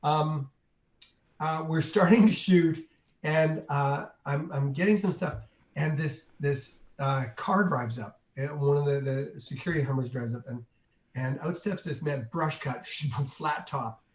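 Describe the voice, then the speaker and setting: A man, a guest in an interview, telling a long behind-the-scenes anecdote with lively energy and acting out the voices of the people in it. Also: a little high, measured pace. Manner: animated, acts out the people in his story. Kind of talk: anecdotal storytelling. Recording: roomy echo.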